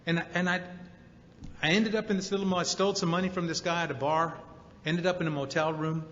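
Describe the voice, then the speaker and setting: A man's voice: a little high, fairly bright tone, slight background noise. Man telling his story with emotional emphasis. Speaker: speaker at a recovery convention. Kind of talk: personal testimony talk. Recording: roomy hall reverb, dull sound.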